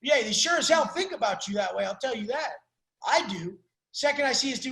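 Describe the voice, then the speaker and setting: A man's voice: very high-pitched, animated, a little fast, gravelly, bright, forceful tone, reverberant. A man coaching a caller in a blunt, profane, preachy way. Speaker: life coach. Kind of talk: coaching call.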